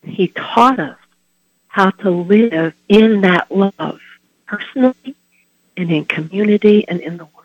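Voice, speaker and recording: Earnest male preacher, unhurried delivery, heartfelt devotional talk with soft trailing endings, dull lo-fi sound. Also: sits high, dry recording. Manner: earnest and heartfelt, trailing off softly at phrase ends. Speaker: Catholic preacher giving a Lenten reflection.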